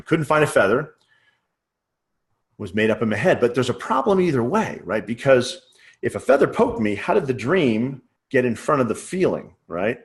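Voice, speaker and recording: Low-voiced man teaching in a chatty lecture. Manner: conversational, checks in with frequent "right?"; thinks aloud, uses everyday examples. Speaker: sales trainer.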